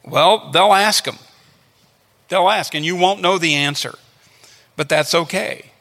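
A man's voice: high voice, measured pace, gravelly, pushed and bright. A man preaching a sermon, teaching earnestly and repeating his phrases to drive points home. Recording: long hall reverb.

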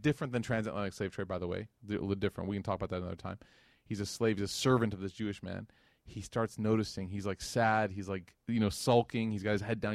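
A man's voice: fairly low pitch, no room sound, clean studio sound. A man giving a casual religious lecture, telling a story and acting out the dialogue with slangy asides. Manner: animated, acts out quoted dialogue.

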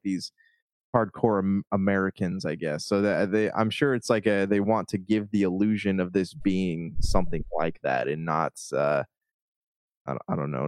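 Hesitant low-voiced man chatting about movies. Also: no room sound. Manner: hesitant, hedging, thinks out loud. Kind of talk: casual movie discussion.

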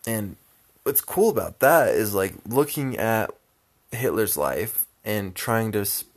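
A man's voice: fairly low pitch, lively intonation, slow. A young man telling a long road-trip story in a rambling, casual way, with constant filler words and frequent swearing.

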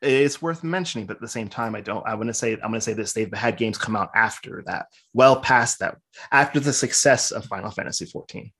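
A man's voice: fairly low pitch, brisk, a bit bright, slightly rough. A man co-hosting a podcast in casual chat, rambling through opinionated game critique. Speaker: podcast co-host.

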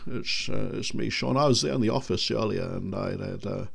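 A man doing a gruff movie star on the phone. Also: lowish voice, brisk. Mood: sly. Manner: mock-casual phone prank. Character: impression of a famous Scottish actor phoning.

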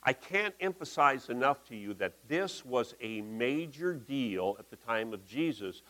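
A man's voice: medium pitch, animated, measured pace, fairly bright tone, poor audio. A man giving a conversational, folksy sermon in a church, talking through slides with asides. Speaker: pastor.

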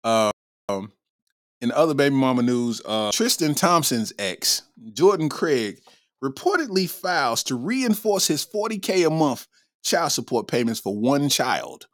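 A man's voice: medium pitch, very animated, measured pace, no echo, clean studio sound. A man hosting a comedy podcast, talking in loose slang with frequent laughter and an irreverent tone. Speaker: podcast host. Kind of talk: casual comedic commentary.

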